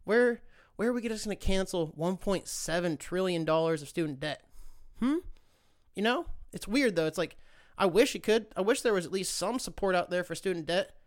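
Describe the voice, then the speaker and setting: A man's voice: high voice, expressive, normal speed. A young man hosting a solo podcast, ranting in a profane, rambling, sarcastic way. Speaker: podcast host. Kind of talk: casual solo podcast rant.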